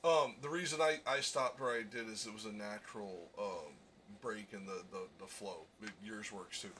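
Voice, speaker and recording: Man, lowish voice, bright and forceful tone, animated, faint background noise. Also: moderate pace. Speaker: discussion participant. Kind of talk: casual group discussion.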